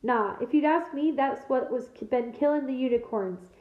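A woman reading aloud, voicing a big, blunt male gamekeeper who talks in a rough dialect. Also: sits high, moderate pace, natural voice. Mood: gruff. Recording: echoey room, tinny phone-like sound.

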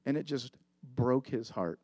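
A man's voice: medium pitch, animated, a little slow, a little mellow, no room sound. A middle-aged man preaching a sermon as pastor, earnest and confessional, telling a story with emphatic repetition.

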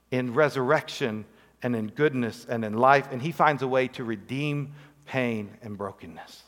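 A man preaching a sermon as a pastor, earnest, rising high on pleading lines and dropping soft and low on key phrases. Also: long reverb tail.

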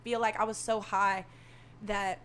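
A soft-spoken young woman telling a story in casual talk, animated and profane, acting out what people said. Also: medium pitch, a little slow, a little hiss or hum. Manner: animated, swearing, acts out quotes.

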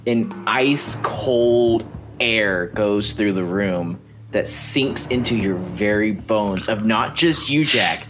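A man narrating a tabletop game as game master, a lively storyteller who often restarts his sentences. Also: fairly low pitch, takes it slowly, noisy background. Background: background music.

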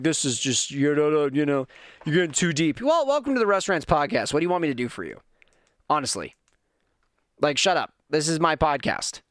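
A man's voice: sits high, a bit bright, dry recording, clean studio sound. A middle-aged man hosting his own podcast, rambling through tangents and poking fun at himself. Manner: rambling, self-mocking, lots of tangents. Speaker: podcast host. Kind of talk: casual solo podcast rant.

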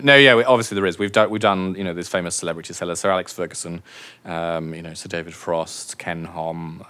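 This man's voice sits low with a fairly bright tone. He's a wine auctioneer appearing as a guest in a casual interview, cracking jokes, poking fun at himself and laughing a lot.

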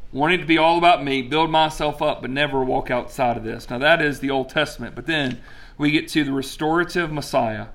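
A male preacher delivering a lively, conversational sermon, telling a story with casual asides to his congregation. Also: on the high side.

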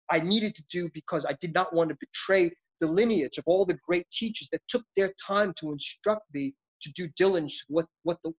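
A middle-aged man, an actor being interviewed, talking in an intense, passionate, reflective and rambling way. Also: high voice. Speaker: actor guest. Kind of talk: interview conversation. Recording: dull lo-fi audio.

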